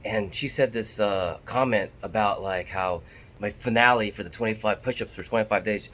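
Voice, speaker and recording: A man's voice: lowish voice, normal speed, fairly bright tone, slight background noise. A man talking casually to his camera as a vlogger, candid and self-deprecating.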